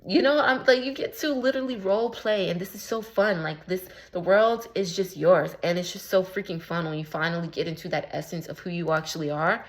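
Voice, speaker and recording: A woman speaks as a spiritual coach in a loose, casual vlog, her voice sitting a little low. She rambles in slang and leans on filler words. She keeps amusing herself with her own jokes as she goes. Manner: self-amused, laughs at her own jokes. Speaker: spiritual coach and womb healer. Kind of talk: casual motivational vlog talk.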